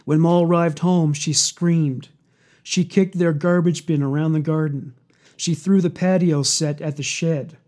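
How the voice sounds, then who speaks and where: A man with a fairly high but mellow voice reads a dark true story aloud. His delivery is steady and measured, with a quiet intensity. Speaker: narrator. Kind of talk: scripted true-crime narration.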